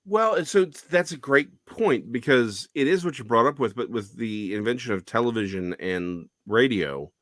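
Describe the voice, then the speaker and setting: A man talking as a guest in a casual conversation, lively and chatty with frequent self-corrections. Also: medium pitch, moderate pace, few pauses, no room sound.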